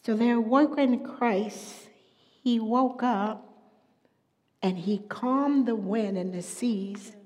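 Slow-spoken woman preaching in echoey hall. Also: a little high. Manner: swings between hushed whispers and loud emphatic preaching. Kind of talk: sermon. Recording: long echoey hall reverb.

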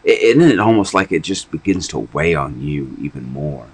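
Husky-voiced man preaching casually. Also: a bass voice, lively intonation, moderate pace, rough recording. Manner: rambling, conversational, restarts and fillers. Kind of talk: informal sermon podcast.

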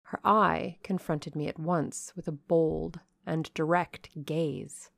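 A woman narrating a classic novel in measured, even audiobook style. Her voice is low and slow with a gravelly fry. The recording is dry and close. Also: dry recording. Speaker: audiobook reader.

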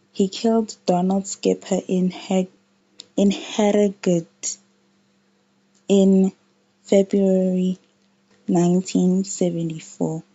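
Slow, dark-voiced woman narrating true crime. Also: lowish voice, breathy edge, lo-fi sound. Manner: halting, frequent restarts and self-corrections.

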